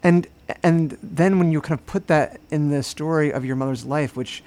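A man hosting an interview, soft-spoken and hesitant, repeating words as he frames his questions. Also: a little high, normal speed. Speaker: interviewer, host.

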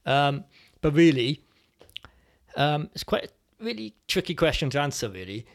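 A man as a podcast guest, speaking reflectively and hesitantly with many pauses as he tells his personal story. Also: a little high, big pitch swings, creaky. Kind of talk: personal testimony in conversation.

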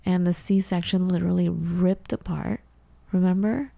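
A woman's voice: fairly low pitch, steady tone, measured pace, creaky, mellow, no room sound. A woman podcast co-host in her thirties telling candid personal stories in casual conversation, with frequent restarts.

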